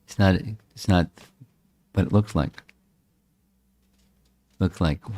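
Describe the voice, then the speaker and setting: Man in his 70s, low pitch, dry sound; reflective devotional lecturer. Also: slow, a little mellow, dry recording. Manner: reflective, repeats and restarts words. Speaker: scripture class speaker. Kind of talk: devotional scripture talk.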